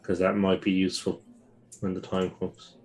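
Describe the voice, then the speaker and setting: A man with a lowish voice plays a tabletop game. He talks things through thoughtfully and turns polite when speaking in character. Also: monotone, moderate pace, crowd noise. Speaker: player. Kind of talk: casual tabletop play.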